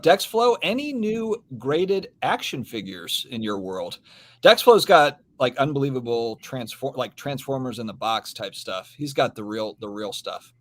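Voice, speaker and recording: Male host, casual stream chat, relaxed and rambling, mid pitch. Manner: laid-back, rambling, reads out viewer comments. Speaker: podcast host.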